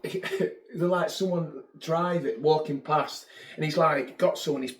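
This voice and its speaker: A middle-aged man, a former footballer telling animated stories as a podcast guest and acting out what people said. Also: a little high, measured pace. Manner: animated anecdotes, acts out quotes. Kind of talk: casual storytelling chat. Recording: roomy echo.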